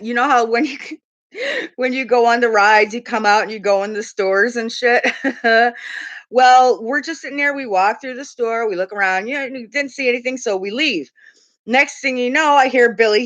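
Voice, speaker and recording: A middle-aged mother chats on her live stream, her voice a little on the high side. She tells her family stories casually, laughing a lot and imitating the people in them. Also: moderate pace, a bit bright, dull audio. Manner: chatty storyteller, giggles often, mimics voices.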